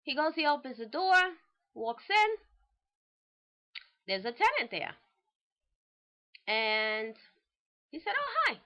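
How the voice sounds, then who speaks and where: A woman hosting a real estate show, casually telling a client's story in an animated, chatty way. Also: high-pitched, slow, pauses often. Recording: dull lo-fi recording.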